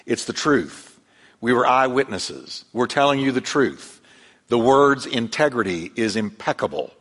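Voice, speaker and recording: A male pastor preaching a sermon, telling the story with lively emphasis and acting out the voices he quotes. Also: medium pitch, measured pace, slightly rough. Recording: long hall reverb.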